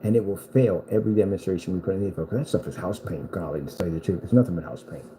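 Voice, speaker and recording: A man's voice: deep voice, rapid-fire, dark tone, a little hiss or hum, low-quality recording. A man delivering a boastful, taunting rant at a rival screen maker, repeating himself for emphasis. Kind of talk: trash-talking rant at a rival.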